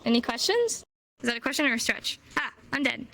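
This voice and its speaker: A woman teaching a sign language class in a relaxed, teasing way, slowing down to model each phrase. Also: on the high side, vocal fry, low-quality recording. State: hot and sweaty. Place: warm room, virtual reality class.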